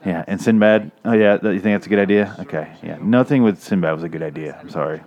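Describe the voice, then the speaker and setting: A man with a deep, slightly mellow voice talks quickly over a playing movie, delivering rambling, crude, sarcastic commentary full of profanity. The recording has a lo-fi quality.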